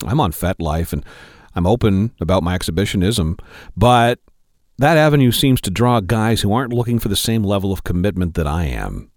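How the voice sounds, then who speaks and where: A man doing a deep sultry reading voice. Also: lively intonation, brisk, dry recording, clean studio sound.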